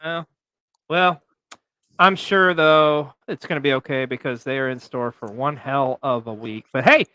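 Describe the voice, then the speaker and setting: A man's voice: medium pitch, unhurried, pushed and bright, clear, resonant tone, dry recording. A man hosting a wrestling recap show, delivering in a theatrical, announcer-like way. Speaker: host.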